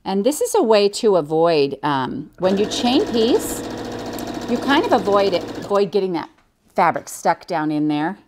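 A woman's voice: medium pitch, very animated, measured pace, noisy background. An older woman from the United States, a quilting instructor giving a chatty, cheerful step-by-step demonstration. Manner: chatty, cheerful, enthusiastic about the work. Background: sewing machine.

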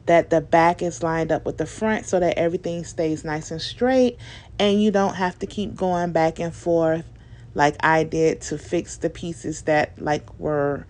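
Young woman, casual tutorial voice-over, chatty and informal, fillers, somewhat low voice. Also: fairly even intonation, unhurried, darkish tone. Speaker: DIY video creator. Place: home recording of a voice-over.

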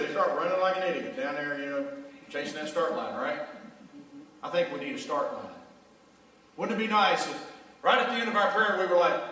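A man's voice: on the high side, animated, fast talker, a bit bright. Man preaching in a ringing church hall. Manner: conversational, calls out to the congregation. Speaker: pastor. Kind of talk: sermon. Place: church sanctuary. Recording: echoey church hall from far off.

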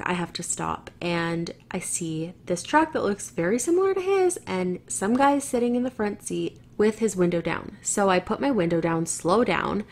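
A woman with a Canadian accent telling a story to camera in a chatty, rambling way, swearing freely and restarting her sentences. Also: fairly low pitch. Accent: Canadian English.

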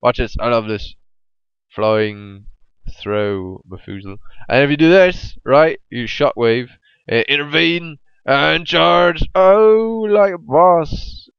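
A man's voice: slow pace, gravelly, clear, resonant tone, dry recording, lo-fi sound. Rambling, jokey young man gaming. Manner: rambling, jokey, jumps into brief high squeaky voices. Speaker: gamer commentating his own gameplay. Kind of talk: casual gameplay commentary with silly voices.

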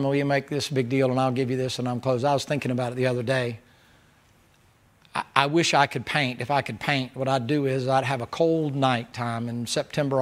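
A man preaching in a folksy, down-home way. His voice sits in a middle pitch, and he swings from loud emphasis to hushed, close moments. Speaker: pastor. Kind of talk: sermon.

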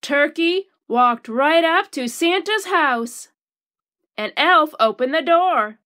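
A woman reads a children's picture book aloud in a slow, deliberate way. Her voice sits high and sounds bright and clear. She stretches each phrase out so young listeners can follow. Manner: slow, expressive reading for children. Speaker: teacher reading a storybook. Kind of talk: storybook read-aloud.

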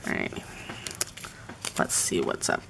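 A woman's voice: slow pace, fairly bright tone, slight background noise. A woman chatting casually on a live stream while decorating a planner at home, often slipping into murmured, half-whispered asides to herself. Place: at home with her pets.

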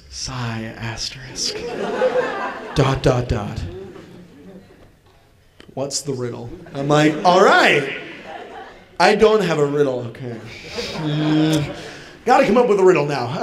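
Man, stand-up comedian, high voice, acts out voices, live hall, crowd laughter. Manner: animated, acts out chat lines in voices. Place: convention hall with audience. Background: audience laughter.

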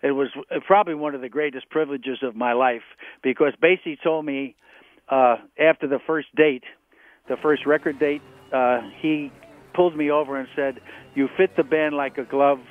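A man's voice: mid-range voice, normal speed. A man telling stories as the guest in a radio interview, speaking over a phone line and acting out the people he quotes. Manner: animated storyteller, acts out quotes. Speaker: guest drummer.

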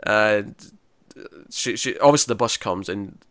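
A man's voice: fairly low pitch, measured pace, fairly bright tone, no room sound, studio quality. A man co-hosting a podcast, recapping a drama episode in a chatty, rambling way and acting out quotes. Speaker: podcast co-host. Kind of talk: casual TV review recap.

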